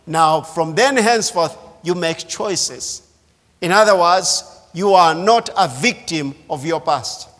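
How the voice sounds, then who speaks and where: A man preaching a sermon as pastor, slow and emphatic, repeating key phrases. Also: a little high, fairly bright tone. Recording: reverberant hall.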